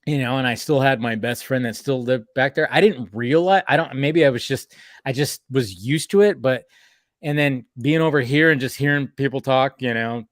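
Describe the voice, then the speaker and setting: A man hosting a casual film chat stream, excitable, laughing and swearing freely. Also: mid-range voice, normal speed, no echo, studio quality. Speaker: stream host.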